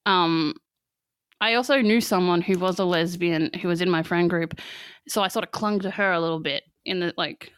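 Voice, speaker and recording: A young Australian woman chatting candidly as a podcast guest, her voice smooth and clean. She laughs often and fills her sentences with "like". The close mic sounds dry, with no room around it. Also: lowish voice, normal speed, a bit bright, no room sound. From country Victoria, Australia. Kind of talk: candid casual conversation.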